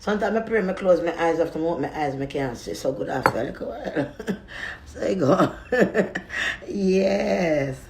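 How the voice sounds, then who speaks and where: A woman, speaking into a phone on a live stream. She rambles softly, moving between prayer and warm reassurance. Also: fairly low pitch, lively intonation, normal speed, creaky, a little hiss or hum. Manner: soft, rambling, affectionate reassurance.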